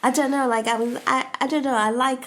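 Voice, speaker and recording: A woman's voice: high voice, steady tone, brisk, fairly bright tone. A woman in her late twenties, a podcast guest chatting casually and animatedly, laughing often and using many fillers. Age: late 20s. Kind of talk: casual interview chat.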